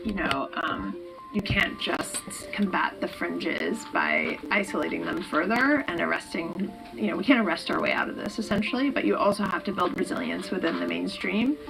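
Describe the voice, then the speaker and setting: Woman, low gravelly voice, measured interview explanation, music underneath. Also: animated, low-quality recording. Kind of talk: interview clip. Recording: clip with music behind.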